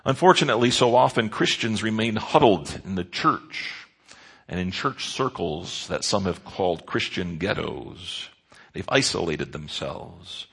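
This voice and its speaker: A man's voice: low-pitched, takes it slowly, creaky, fairly bright tone, husky. A man preaching a sermon in an earnest way, stressing key words with rises and drops. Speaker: pastor.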